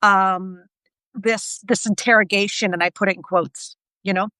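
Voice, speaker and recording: A woman's voice: mid-range voice, steady tone, normal speed, pushed and bright, clear, resonant tone, no room sound. A woman co-hosting a casual live conversation, talking in an emphatic, chatty way and checking her notes. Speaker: co-host.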